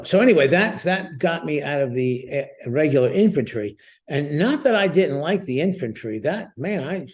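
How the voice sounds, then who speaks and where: A man in his seventies from the United States, a veteran guest telling stories in an interview with a lively, chuckling manner. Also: medium pitch. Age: 70s. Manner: lively, chuckling storyteller who repeats words as he goes. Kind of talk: storytelling interview.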